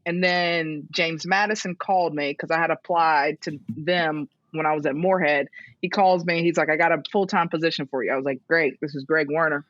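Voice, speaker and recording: In a deep voice and at a brisk clip, a woman in her thirties tells stories as a guest in a casual interview; she works as a strength and conditioning coach. She's lively, laughs often, and performs others' words in a raised voice. The dull, dry lo-fi audio has no echo.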